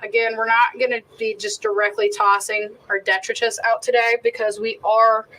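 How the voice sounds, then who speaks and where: A woman's voice: fairly high pitch, fairly bright tone, low-quality recording. A woman chef hosting a casual outdoor cooking demonstration, chatty and profane, prone to rambling rants. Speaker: cooking show host and chef. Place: outdoors behind a stadium.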